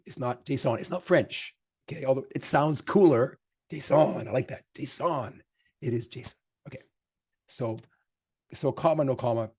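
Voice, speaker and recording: Man, programming instructor, live-coding lecture, husky, mellow tone, thinks aloud while typing. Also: mid-range voice. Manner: gets emphatic when giving advice.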